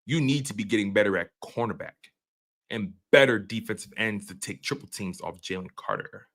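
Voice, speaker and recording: A man's voice: fairly low pitch, a little fast, a bit bright, pitched below the performer's own voice. A man putting on a grumbling, smug football fan. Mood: mocking. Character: mocking impression of a smug male football fan.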